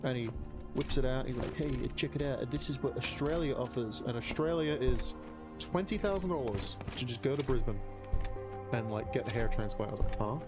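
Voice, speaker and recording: A man's voice: medium pitch, brisk, music in the background. A man live streaming, casually telling a story while gaming, rambling and swearing a lot.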